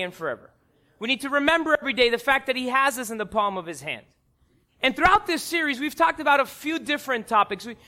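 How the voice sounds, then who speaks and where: A pastor in his thirties preaching a sermon, animated and acting out voices in his stories. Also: very high-pitched.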